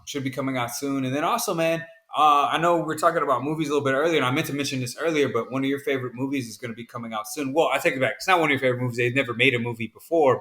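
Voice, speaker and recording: Laid-back man with a bright voice. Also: medium pitch. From American South. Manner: laid-back, says "man" often, rambling with fillers. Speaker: podcast co-host. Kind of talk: casual chat.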